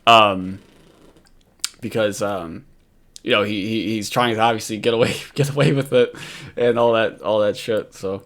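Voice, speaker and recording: A man's voice: lowish voice, fairly even intonation, normal speed, fairly bright tone. Laughing New York man riffing. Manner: laughs often, swears, mocks and rambles. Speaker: commentator. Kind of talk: casual reaction commentary.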